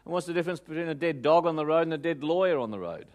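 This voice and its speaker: Australian male speaker, lively joke-teller, fairly high voice. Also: racing. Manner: lively joke-telling, audience questions. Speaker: motivational speaker. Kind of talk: live motivational talk with jokes.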